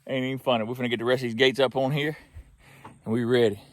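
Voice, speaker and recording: A man's voice: mid-range voice, fairly even intonation, fast, no room sound. A man with a Southern US accent, chatting folksily outdoors in a field while narrating his hog trapping vlog. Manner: folksy, chatty, laughs often.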